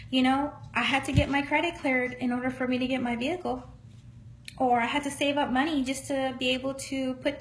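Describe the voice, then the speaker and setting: High-pitched lady psychic doing a casual live reading online, earnest and encouraging, folksy. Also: slight background noise, poor audio. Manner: earnest, encouraging, folksy, calls listeners honey. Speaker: psychic medium.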